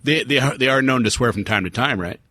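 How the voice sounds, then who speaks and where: A man's voice: medium pitch, quick pace, sharp tone, slight background noise. A man hosting a casual podcast, laid-back and jokey and swearing freely. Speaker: podcast host.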